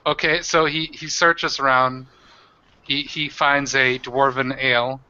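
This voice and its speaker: A man's voice: medium pitch, flat delivery, a little slow, pushed and bright, smooth, highs cut off. A man narrating as game master of a tabletop game, in a rambling way with many fillers.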